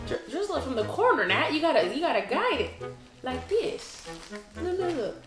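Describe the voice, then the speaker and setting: A woman's voice: sits high, big pitch swings, normal speed. Playful young woman in an echoey room. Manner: playful, hyping and teasing. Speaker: vlogger. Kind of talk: casual chat. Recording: echoey room with music behind.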